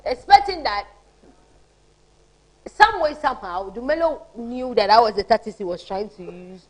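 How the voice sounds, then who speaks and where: A woman's voice: fairly high pitch, animated, moderate pace, pauses often, rough recording. A woman with a Ghanaian English accent hosting a casual TV panel discussion, laughing often and restarting her sentences. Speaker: TV talk show host.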